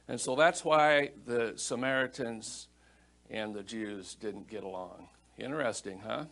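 A man's voice: mid-range voice, a little slow, gravelly, a bit bright. A middle-aged male pastor preaching a Bible-teaching sermon in a conversational, storytelling manner and reading scripture aloud.

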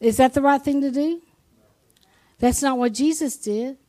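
Woman preacher with a high voice, chatty sermon delivery, poses questions to the congregation and repeats words as she restarts. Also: a little slow, mellow. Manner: conversational, asks the congregation questions.

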